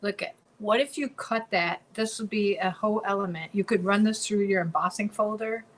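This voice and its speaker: A woman's voice: mid-range voice, normal speed, slight background noise, low-quality recording. Bubbly woman demonstrating crafts. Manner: bubbly and chatty, repeats phrases. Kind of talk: casual craft tutorial.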